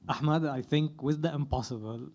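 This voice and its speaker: A man's voice: on the high side, moderate pace, a little mellow. A man moderating a stage discussion, asking questions and handing the floor to the audience with formal phrasing. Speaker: panel moderator.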